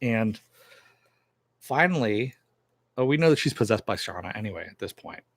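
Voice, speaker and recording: A man's voice: on the low side, expressive, moderate pace, gravelly, no echo. A man hosting a casual TV episode recap and review, talking loosely with lots of fillers and jokey asides.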